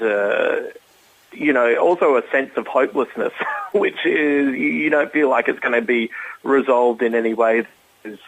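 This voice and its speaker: A man's voice: medium pitch, muffled recording. A man as an interview guest, talking casually and hesitantly with many fillers. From Australia. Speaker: guest comedian.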